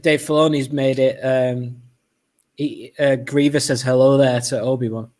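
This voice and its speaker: A man's voice: medium pitch, fairly even intonation, measured pace, a little mellow. Thoughtful male podcast co-host. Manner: thoughtful, explains at length. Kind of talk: casual chat.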